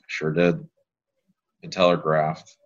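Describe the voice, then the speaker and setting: Very deep-voiced man, rambling storyteller. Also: completely flat delivery, takes it slowly, lo-fi sound. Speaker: pelvic health physical therapist guest. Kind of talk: casual podcast chat.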